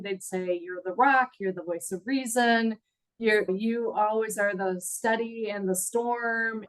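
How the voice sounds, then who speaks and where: A middle-aged woman with a mid-range voice tells her story as a guest in an interview, captured in a rough recording. She's earnest and reflective, audibly emotional, and laughs at times.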